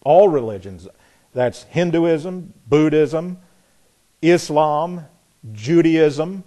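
A man's voice: on the high side, very slow. Folksy, sarcastic male preacher. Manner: folksy and sarcastic, rising loud on punchlines; voices imagined people in quotes. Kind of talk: sermon.

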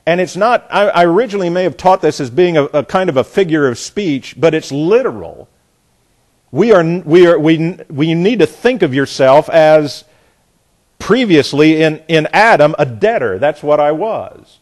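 A middle-aged man teaching a Bible passage verse by verse, deliberate and emphatic, often repeating words as he works through a thought. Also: fairly high pitch, lively intonation, darkish tone.

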